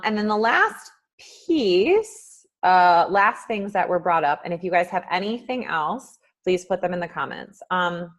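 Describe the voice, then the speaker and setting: In a casual live stream, a woman who works as a life coach gives a motivational talk, voicing inner thoughts with large swings in pitch and loudness. Her speech is full of ums.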